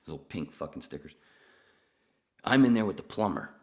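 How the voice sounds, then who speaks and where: A man's voice: deep voice, very animated, a little fast. A man hosting a podcast, telling long profane stories in a casual rambling way. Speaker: podcast host. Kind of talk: casual storytelling chat.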